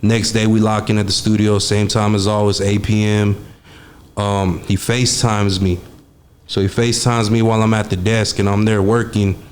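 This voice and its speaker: A man's voice: lowish voice, level tone, moderate pace, slight background noise. A young man, telling stories as a guest in a casual interview, laid-back and streetwise, swearing freely and using many fillers. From Texas. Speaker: guest, studio engineer.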